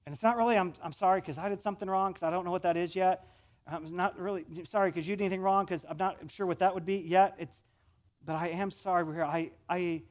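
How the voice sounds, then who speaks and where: Preaching in a conversational style, this West Michigan-accented pastor, a man, frequently repeats words and alternates loud stretches with quiet ones. His pitch runs somewhat high and his pace is a little fast.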